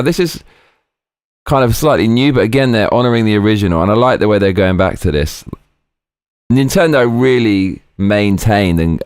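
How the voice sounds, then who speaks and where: A man's voice: on the low side, no echo, clean studio sound. Slangy man hosting a stream. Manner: excitable, slangy, chatty. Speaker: streamer host. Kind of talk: live stream commentary.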